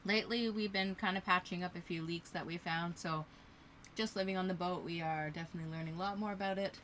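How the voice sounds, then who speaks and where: A woman from Canada co-hosting a casual livestream, giving relaxed, brief replies. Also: fairly low pitch, fast, a little hiss or hum. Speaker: livestream co-host.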